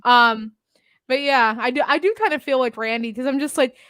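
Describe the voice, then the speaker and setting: High-voiced excitable woman podcaster. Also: brisk, dry recording, clean studio sound. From Northeast Pennsylvania. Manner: excitable, quotes movie lines, laughs often. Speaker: podcast co-host. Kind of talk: casual chat.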